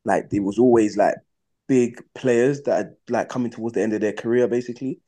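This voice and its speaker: Animated young footballer telling stories. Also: male voice, medium pitch, brisk. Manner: animated, slangy, acts out his own past reactions. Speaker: guest footballer. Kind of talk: casual storytelling in a podcast interview.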